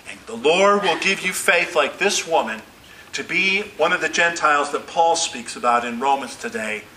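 A man's voice: on the high side, bright, forceful tone, a little hiss or hum, low-quality recording. A man preaching a sermon as pastor, earnest and emphatic, lifting his voice on quoted pleas.

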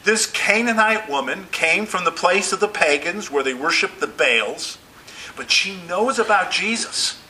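Bright-voiced man preaching a sermon. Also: high-pitched, animated, measured pace, a little hiss or hum, rough recording. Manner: earnest preaching, voicing quoted pleas with rising intensity. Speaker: pastor.

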